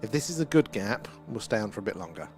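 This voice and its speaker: A man's voice: lowish voice, sing-song, fast, a little mellow, faint music behind. Chatty British man hosting a livestream. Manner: chatty, reads out viewer comments, laughs often. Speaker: livestream host. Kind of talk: casual live-stream chat.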